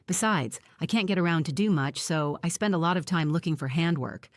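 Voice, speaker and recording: A woman voicing a gentle, chatty older grandmother in a wheelchair, read in an audiobook. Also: sits low, fairly quick, dry recording, studio quality, natural voice.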